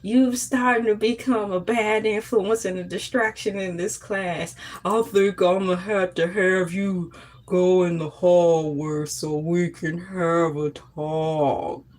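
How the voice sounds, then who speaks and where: A woman voicing a stern older male high school teacher with a slow, scolding Southern drawl. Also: fairly even intonation, a little mellow.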